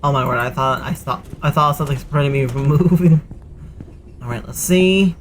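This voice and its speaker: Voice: medium pitch, brisk, slight background noise. A gaming host giving sarcastic running commentary while playing a horror game, tired and yawning. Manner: wry, sarcastic running remarks.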